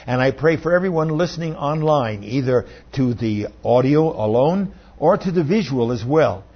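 A man's voice: mid-range voice, expressive, breathy edge, muffled recording. A man, a pastor, reading scripture aloud in a church service and leading prayer, lifting and stressing the quoted words. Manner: reads slowly, lifting and stressing quoted lines.

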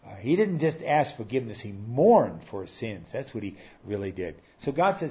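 A man preaching a sermon earnestly, with rising and falling emphasis and frequent pauses. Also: medium pitch, big pitch swings. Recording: slightly dull lo-fi sound.

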